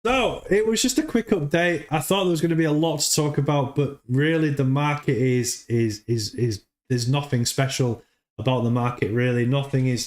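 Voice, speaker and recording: A man hosts a casual livestream in a mid-pitched voice. He rambles, stumbles over repeated words and keeps his chat loose and chatty. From United Kingdom. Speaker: livestream host.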